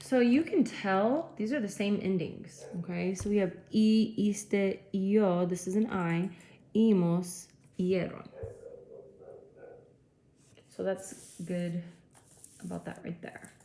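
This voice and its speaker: Her voice is warm, medium-pitched, and slow as this woman teacher delivers a classroom lecture. She breaks explanations into steps and checks in with frequent okays, recorded in an echoey room with slight noise.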